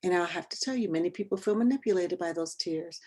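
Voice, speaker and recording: Mellow-voiced woman trainer questioning her group. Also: fairly low pitch, slightly rough. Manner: conversational, quizzes the group with quick questions. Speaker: workshop trainer. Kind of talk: interactive training session.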